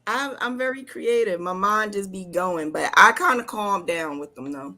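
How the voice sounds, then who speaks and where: A woman's voice: mid-range voice, normal speed, sharp tone. A woman with a New Jersey accent hosting a casual chat on a video call, emphatic and laughing often. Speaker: host.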